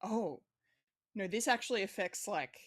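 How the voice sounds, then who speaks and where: A woman's voice: mid-range voice, animated, a little slow, dry recording, clean studio sound. A woman co-hosting a podcast, chatting casually in a rambling way, with lots of fillers, restarts and swearing. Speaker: podcast co-host.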